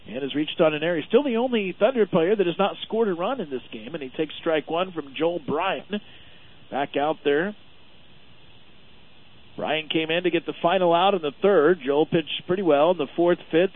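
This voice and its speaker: A man giving play-by-play commentary on a baseball game for a radio network, steady and full of stats. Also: on the high side. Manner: steady, informative, stat-heavy. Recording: narrow phone-like radio audio.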